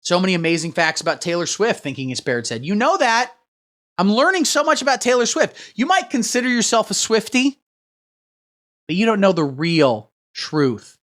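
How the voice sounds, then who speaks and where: A man hosting a satirical livestream, riffing crudely in a rambling, deadpan way while he reads the chat. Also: sits high, normal speed. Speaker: livestream host. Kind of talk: satirical livestream comedy rant.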